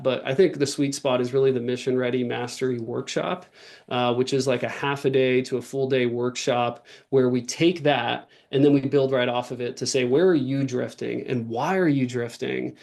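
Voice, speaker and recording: A man speaking as a guest on a podcast, in an ordinary middle-pitched voice. He talks earnestly in long runs, restarting sentences and filling gaps with "um" and "like". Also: gravelly, darkish tone. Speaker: podcast guest, author and workshop leader. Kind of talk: casual interview talk.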